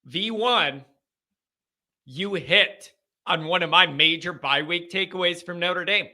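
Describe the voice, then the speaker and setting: A young man hosts a live fan stream. His voice is high and very bright. He rants heatedly and sounds exasperated, with stuffed-up sinuses. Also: slow pace. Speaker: fan show host.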